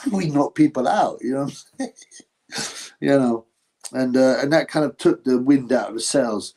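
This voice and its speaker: A man's voice: mid-range voice, lively intonation, normal speed, dark tone. A man hosting a casual livestream, rambling bluntly and swearing while answering viewers. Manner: rambling, blunt, profane, calls viewers bro. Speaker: host. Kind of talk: casual livestream chat, reading viewer comments.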